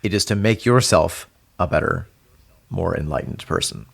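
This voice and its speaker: Lively, thoughtful male podcast host. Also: sits low, normal speed, creaky, breathy edge. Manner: thoughtful, explanatory with restarts. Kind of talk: casual chat.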